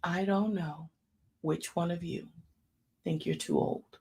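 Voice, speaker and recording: A woman in her fifties hosting a faith talk show, preaching in a casual, folksy way and dropping into hushed asides. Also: lowish voice, steady tone, slow, pauses often, breathy edge. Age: 50s.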